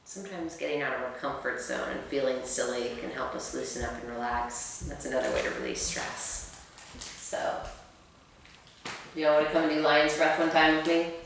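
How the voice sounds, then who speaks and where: A woman, a yoga teacher calmly guiding a breathing practice with a gently self-deprecating, coaching manner. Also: low voice, moderate pace. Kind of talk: guided breathing instruction. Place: yoga studio room. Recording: very echoey room, distant mic, faint noise.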